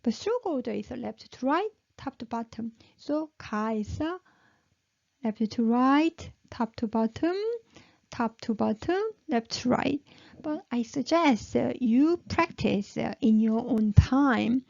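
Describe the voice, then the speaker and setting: A woman's voice: on the high side, lively intonation, measured pace, gravelly, a little mellow, no echo. A woman teaching a language lesson, who repeats each syllable patiently and keeps checking in with "okay?". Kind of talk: slow spoken lesson with repeated drills. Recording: dull, muffled lo-fi sound.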